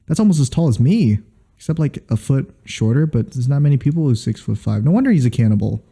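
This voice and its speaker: A man co-hosting a casual podcast chat, making deadpan, sarcastic jokes. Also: medium pitch, quick pace, vocal fry, slightly rough. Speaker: podcast co-host.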